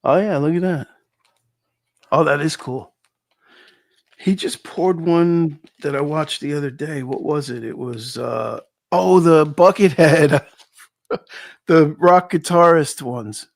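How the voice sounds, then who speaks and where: A man's voice: fairly high pitch, takes it slowly, creaky, pauses often. A man co-hosting a livestream in a casual, joking chat, laughing often. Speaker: co-host of a precious metals livestream.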